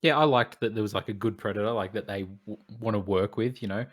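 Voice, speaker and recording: A man's voice: fairly low pitch, fast. A man co-hosting a casual film review chat, telling things in a loose, laughing way. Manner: laughing, animated storytelling with quoted asides. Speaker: podcast co-host, film reviewer.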